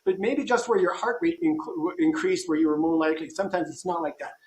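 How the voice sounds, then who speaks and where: Male guest, slightly high voice, conversational, keeps restarting his thoughts, roomy echo around him. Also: fairly quick. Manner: thinking aloud with frequent restarts. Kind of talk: casual conversation.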